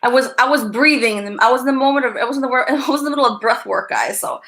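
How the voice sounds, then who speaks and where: A woman's voice: sits high, fast, a bit bright. A woman hosting a casual live stream, chatting with her viewers, giggly and easily distracted. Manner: giggly, easily distracted, greets chat by name.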